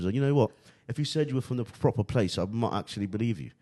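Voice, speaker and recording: A man's voice: on the low side, expressive, fast, few pauses, warm tone. A young man hosting a casual podcast, rambling and swearing, always adding "you know what I mean". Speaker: podcast host.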